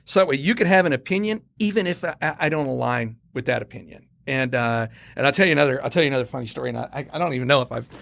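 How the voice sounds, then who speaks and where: A middle-aged man from the United States, a Marine veteran, telling a story in a casual podcast chat with animated energy and frequent repeated words. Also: medium pitch, racing, creaky, few pauses, no echo.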